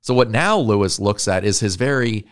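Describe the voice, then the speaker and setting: A man professor giving an earnest lecture on literature and faith, his voice sitting a little low. He reads quoted passages slowly and drives his points home with a questioning "right?". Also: animated, clean tone.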